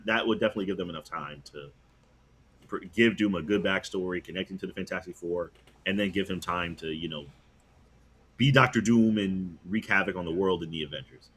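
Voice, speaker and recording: A man's voice: sits low, brisk, a bit bright, slight background noise. A man co-hosting a podcast, talking casually in a rambling, hesitant way. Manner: rambling, hesitant, many fillers and restarts. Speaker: podcast co-host. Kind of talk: casual chat.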